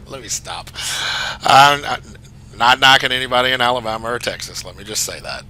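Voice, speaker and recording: A man's voice: medium pitch, expressive, brisk, bright, forceful tone, a little hiss or hum, low-quality recording. A man reviewing a flight simulator add-on in casual commentary, chatty and enthusiastic with rambling asides.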